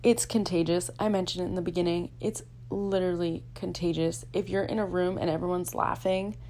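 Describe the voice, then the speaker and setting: A woman's voice: fairly low pitch, steady tone, brisk, dark tone, a little hiss or hum. A young woman hosting her own podcast, talking casually and chattily, with lots of fillers and self-deprecating asides. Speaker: podcast host. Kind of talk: casual solo podcast talk.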